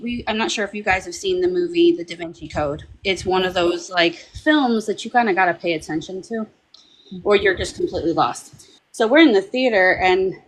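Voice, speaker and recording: On a paranormal discussion panel, a woman with a medium-pitched voice shares a personal story in a chatty, animated way, acting out the voices of the people involved. It's casual storytelling, captured in a low-quality recording.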